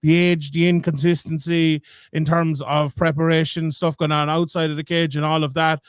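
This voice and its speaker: Higher-voiced man musing on fights. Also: level tone, moderate pace, smooth, dry recording, clean studio sound. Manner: thoughtful, restarts and hedges as he reasons aloud. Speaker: podcast co-host. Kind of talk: casual sports analysis chat.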